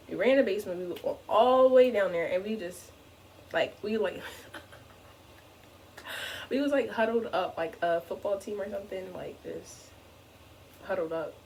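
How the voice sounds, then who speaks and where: A young woman tells a funny story from her youth to her channel, with a slightly low voice. She is animated and full of "like"s. A faint hiss sits under the recording. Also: rough recording. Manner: animated, fills speech with "like". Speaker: vlogger. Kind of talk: casual storytime.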